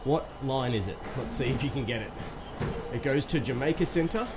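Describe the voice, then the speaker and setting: A man's voice: mid-range voice, lively intonation, moderate pace, music in the background. A man hosting a casual live stream while pedalling an exercise bike, upbeat and quizzing his viewers, a little out of breath.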